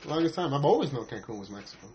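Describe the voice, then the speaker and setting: A man co-hosting a casual podcast. He talks loudly, swears a lot, laughs often and mimics other people. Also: medium pitch, big pitch swings, racing, muffled recording, a crowd in the background. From United States. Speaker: podcast co-host.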